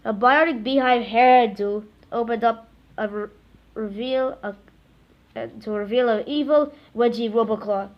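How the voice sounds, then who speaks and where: A woman reading a children's book aloud, halting often with stumbles and self-corrections. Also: a little high, dull audio. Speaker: reader.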